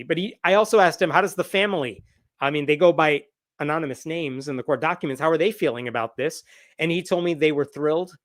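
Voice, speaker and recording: An American man hosting a casual livestream news roundup, chatty and sarcastic. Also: fairly high pitch. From United States. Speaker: host.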